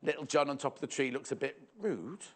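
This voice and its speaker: A man's voice: mid-range voice, expressive, a little fast, breathy edge. A man presenting a live shopping show in a playful, jokey, chatty way, reading out viewer messages.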